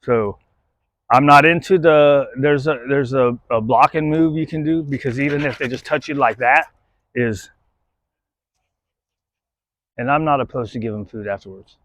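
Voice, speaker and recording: A man's voice: medium pitch, moderate pace, long pauses, fairly bright tone, dry recording. A man teaching dog training, explaining his method and checking in with a repeated "right?", then cheering a dog on as he works with it. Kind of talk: hands-on training demonstration.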